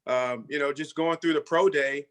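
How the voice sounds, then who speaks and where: Bright-voiced man telling his story. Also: fairly high pitch, steady tone, moderate pace. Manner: frequent "you know" and "man" fillers. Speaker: guest, former football player. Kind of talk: casual storytelling.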